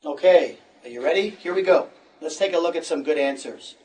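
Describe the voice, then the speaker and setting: A man teaching an English lesson, encouraging and repeating phrases slowly for learners. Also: fairly high pitch, a little mellow, recorded from a distance.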